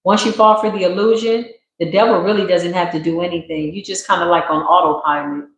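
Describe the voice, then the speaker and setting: A woman's voice: fairly low pitch, fairly even intonation, a little fast, a little hiss or hum. A woman giving a live spiritual tarot reading in a slangy, emphatic, preacherly way. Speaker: tarot reader. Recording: very echoey room.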